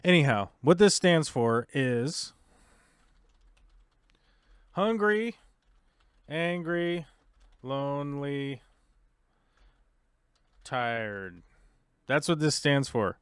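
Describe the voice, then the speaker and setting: A man's voice: on the high side, animated, very slow, long pauses, clean tone, no room sound, clean studio sound. Frustrated man muttering at his computer. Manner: frustrated, mutters to himself while fiddling with software. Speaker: podcast host. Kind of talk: casual livestream chat.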